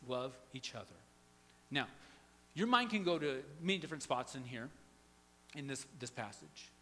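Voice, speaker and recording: A man preaching a sermon as pastor, conversational, swinging from hushed to loud and emphatic. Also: mid-range voice, big pitch swings, normal speed. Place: church sanctuary. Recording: long hall reverb, faint hum.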